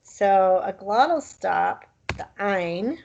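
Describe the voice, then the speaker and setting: A woman's voice: medium pitch, expressive, takes it slowly, vocal fry, a little mellow, lo-fi sound, slight background noise. A woman teaching a language class, explaining pronunciation patiently and demonstrating sounds one at a time. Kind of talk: slow, patient language lesson.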